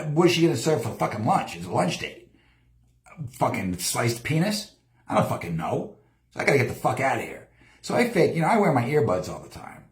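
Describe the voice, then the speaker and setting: A man rambling through a story on his own live show, cursing constantly and acting out the other people's lines. His voice swings up and down a lot as he tells it. The sound is roomy, with a clear echo around him. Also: medium pitch. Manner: heavy swearing, lively storytelling, acts out quotes. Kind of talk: profane rambling live-stream monologue. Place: home studio.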